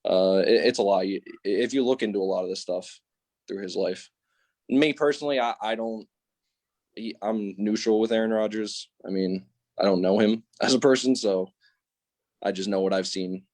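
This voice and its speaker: Low-voiced young man debating sports. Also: normal speed, a little mellow, dry recording. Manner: hesitant, restarts often, many "like"s. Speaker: podcast co-host.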